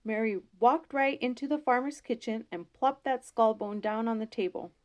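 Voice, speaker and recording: A woman storyteller, telling a folktale in an expressive, homey way in a school library. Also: on the high side, moderate pace.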